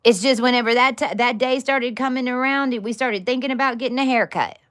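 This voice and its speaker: A woman's voice: on the high side, brisk, a bit bright. A woman giving a casual teaching talk to her followers, blunt and emphatic, swearing freely and repeating words in bursts. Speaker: spiritual teacher.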